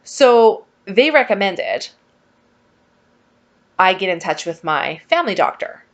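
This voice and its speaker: A woman's voice: medium pitch, takes it slowly, dull audio. A chatty woman telling a personal story in a casual vlog, acting out the conversations as she goes. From Saskatchewan, Canada. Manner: chatty, animated, acts out quoted dialogue. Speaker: vlogger.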